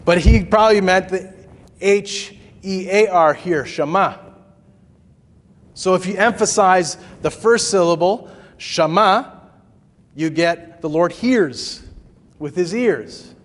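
A man's voice: sits high, measured pace. A man preaching a sermon as pastor, conversational, with asides and small chuckles. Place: church sanctuary. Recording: long reverb of a hall.

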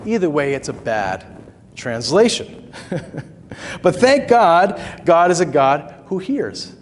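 A man's voice: a little high, big pitch swings, takes it slowly. A man preaching a sermon as pastor, conversational, with asides and small chuckles. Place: church sanctuary. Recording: long reverb of a hall.

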